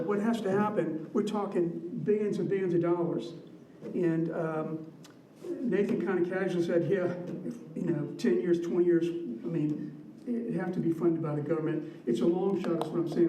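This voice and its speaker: Man, high mellow voice, rambling public comment, echoey meeting room, distant mic, faint noise. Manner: rambling, repeats himself, many fillers. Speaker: resident giving public comment.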